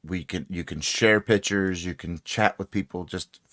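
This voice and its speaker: A man from Texas talks in a casual chat, his voice on the low side. He explains things slowly and laughs easily along with the host. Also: a bit bright. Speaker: guest.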